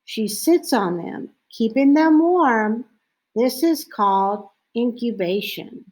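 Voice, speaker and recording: A woman reading a picture book about owls aloud as a lesson, slow and clear, now and then mimicking owl calls. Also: a little high, lively intonation, a little mellow, rough recording. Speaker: teacher reading to children.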